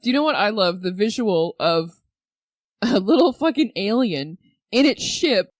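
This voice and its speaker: Woman, Canadian accent, lively pitch, dry close sound, blunt, sarcastic. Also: a little slow, no room sound. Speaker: podcast co-host. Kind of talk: casual chat.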